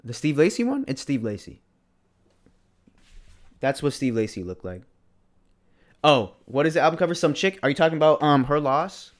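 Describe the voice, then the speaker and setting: A man's voice: on the high side, moderate pace, long pauses. Laid-back young man co-hosting a stream. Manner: relaxed, laid-back slang, reads chat aloud. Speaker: podcast co-host. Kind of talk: casual livestream chat.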